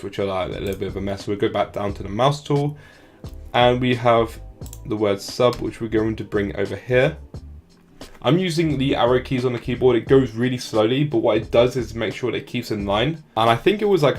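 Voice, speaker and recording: A man talking fast and casually through a software tutorial, often saying "like". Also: fairly low pitch. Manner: fast, casual, many "like" fillers. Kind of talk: screen-recorded tutorial walkthrough.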